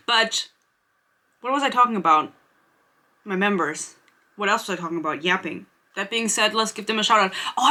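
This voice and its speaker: A woman's voice: mid-range voice, pushed and bright. A young woman from Germany with a German accent, rambling casually to her viewers as the host of her book channel. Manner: rambling, self-interrupting, chatty. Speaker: booktube host. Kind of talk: casual chat to camera.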